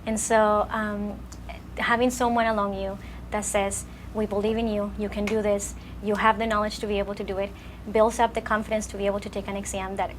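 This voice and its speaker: A woman's voice: medium pitch, flat delivery, fairly quick. Woman, interview testimonial, reassuring, faint background noise.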